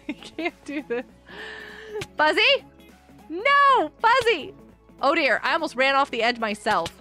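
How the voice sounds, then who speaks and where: A woman streaming a game live, giggling often and reacting excitedly while greeting her viewers. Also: sits high, moderate pace, faint music behind. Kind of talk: live-stream gameplay commentary.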